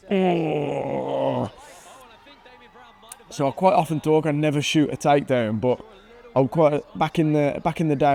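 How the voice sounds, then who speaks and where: Man, 30s, MMA fighter, casual fight commentary, mid-pitched, mellow tone, animated, chuckling. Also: creaky. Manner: animated, chuckles at himself, bursts of excitement at big moments. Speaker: MMA fighter and channel host.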